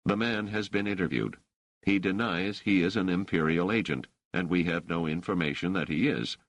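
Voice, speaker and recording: A man voicing a stern police officer who questions suspects in a flat, probing, faintly sarcastic way. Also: low voice, normal speed, dry recording, voice pushed up. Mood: interrogating. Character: stern male police officer, coolly interrogating.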